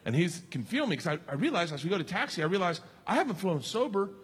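A man in his forties tells a crude stand-up story in a high, lively voice and acts out every character. He is loud and animated, and the noise of a live room sits around him. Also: quick pace. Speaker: stand-up comedian. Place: live comedy venue with an audience.

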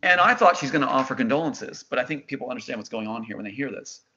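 A man's voice: medium pitch, animated, fast talker, bright, forceful tone, slight background noise. A middle-aged man as an interview guest, telling his story in an intense, insistent way and quoting others' words. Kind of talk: emotional storytelling. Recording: dull lo-fi sound.

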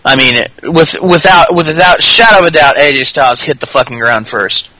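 A man's voice: a little high, moderate pace, pushed and bright, no echo, rough recording. A man hosting a podcast, chatting casually in a rambling, profane, jokey way. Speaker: podcast host. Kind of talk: casual chat.

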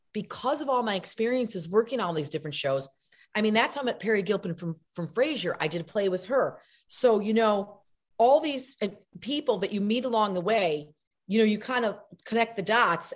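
A middle-aged woman talks quickly and animatedly as a guest, slipping into voices to act out quotes. Her delivery is casual and full of energy, with pitch that jumps up and down. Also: lively intonation. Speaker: actress and comedian guest. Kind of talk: chatty interview answers.

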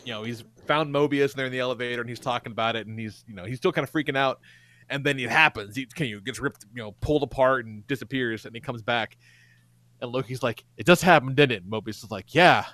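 A man's voice: mid-range voice, fast, a bit bright. A man co-hosting a podcast, rambling as he retells a show scene and acts out the lines with laughs. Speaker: podcast co-host. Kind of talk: casual chat.

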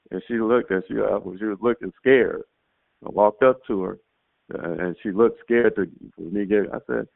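Male caller, animated testimony storyteller; low, raspy, over a phone line. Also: brisk, dry recording. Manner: animated storytelling, acts out his own quotes. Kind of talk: casual spoken testimony. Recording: tinny phone line, dry.

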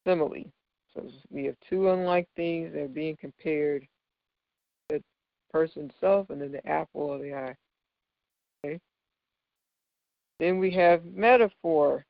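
A man's voice: fairly high pitch, unhurried, gravelly, long pauses, no echo. A man teaching figures of speech from scripture, patiently explaining and often checking in with "right?". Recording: dull lo-fi dry recording.

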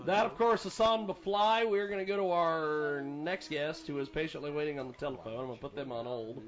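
A man's voice: a little high, fairly quick, a crowd in the background. A man hosting a radio talk show, chatting loosely with guests and reading sponsor spots. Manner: laughing, relaxed sign-offs, spells out web addresses. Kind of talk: casual radio chat and live ad reads. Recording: dull lo-fi radio sound.

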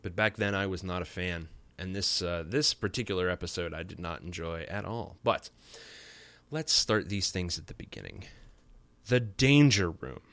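A man's voice: low-pitched, lively intonation, moderate pace, fairly bright tone, dry recording. A man in his thirties hosting a podcast alone, recapping a cartoon episode in a casual, joking, rambling way full of fillers. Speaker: podcast host.

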